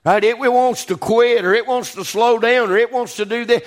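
A man preaching a sermon in a call-and-response style, often asking "Right?" and slowing down to stress scripture. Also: very high voice, fairly even intonation. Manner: rising to emphatic peaks, slowing on scripture.

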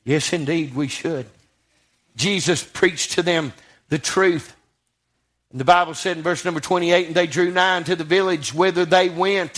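A man's voice: high voice, a bit bright. A man preaching a sermon in a church, rising to fervent passages and putting questions to his congregation.

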